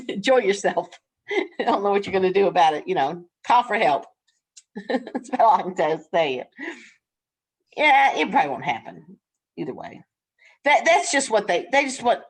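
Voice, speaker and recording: Older lady nursing teacher, husky voice, blunt and folksy, laughs a lot. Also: medium pitch. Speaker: nursing instructor. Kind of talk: classroom lecture with storytelling.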